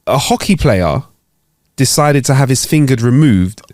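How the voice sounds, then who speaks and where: A man with a mid-range voice and a very lively, animated delivery, co-hosting a chatty comedy podcast. He steers the conversation easily and throws questions out to the audience. The sound is dry and close-miked. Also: mid-range voice, a little slow, dry recording. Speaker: podcast co-host. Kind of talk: casual comedy podcast chat.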